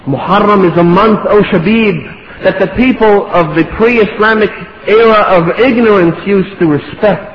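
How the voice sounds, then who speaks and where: A man's voice: high-pitched, moderate pace, a little hiss or hum. A man preaching a sermon, impassioned, building to pleading rhetorical questions. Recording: echoey hall, dull lo-fi sound.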